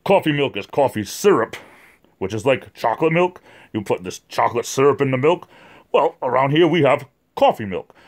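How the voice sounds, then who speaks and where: A man of middle pitch hosts a loose livestream chat. He rambles from one thing to the next and stops to answer viewers by name. His talk is full of fillers and repeated words. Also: animated, normal speed. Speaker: livestream host.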